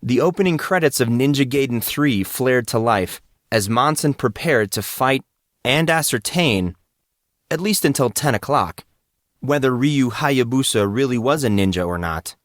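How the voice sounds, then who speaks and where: This audiobook is read by a man whose mid-range voice stays even and measured. The studio-quality recording carries no echo.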